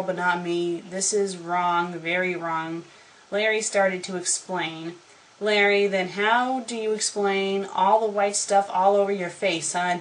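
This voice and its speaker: A woman's voice: medium pitch, slight background noise, poor audio. Woman critic reading fan stories aloud, exasperated and foul-mouthed asides. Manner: sarcastic, profane, exasperated. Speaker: fanfiction critic. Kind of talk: comedic dramatic reading with commentary.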